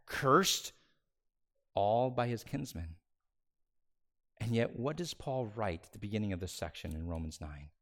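Male pastor preaching with dramatic swings. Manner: dramatic swings from loud and high to hushed, near-whispered phrases; slows down on key words for emphasis. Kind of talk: sermon.

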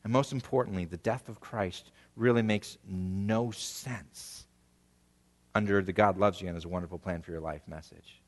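A man in his thirties preaching a sermon, swelling to emphatic peaks and dropping to hushed, quiet phrase endings. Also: sits low, moderate pace, big-room sound. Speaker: pastor.

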